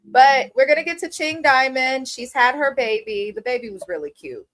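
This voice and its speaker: A woman's voice: high-pitched, moderate pace, fairly bright tone. A woman giving blunt, opinionated, profane commentary while reviewing a reality TV episode. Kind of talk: casual commentary.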